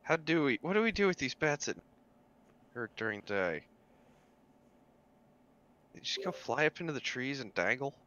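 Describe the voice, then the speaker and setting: A man's voice: medium pitch, very animated, moderate pace, long pauses, pushed and bright. A man playing a tabletop game, joking and laid-back, over a dull, dry mic. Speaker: player. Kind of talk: casual tabletop game chat.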